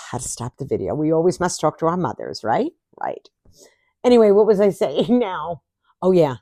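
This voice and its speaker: A woman's voice: sits low, warm tone, dry recording, studio quality. A woman vlogger talking casually to camera, chatty and sarcastic, laughing often.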